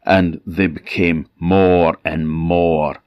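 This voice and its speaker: A man from the Orkney Islands with an Orkney Scottish accent, telling a folk tale in a lively, dramatic way. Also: low voice, extremely slow, smooth, dry recording, muffled recording. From Orkney Islands, Scotland. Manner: lively, shifts volume for drama. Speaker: storyteller.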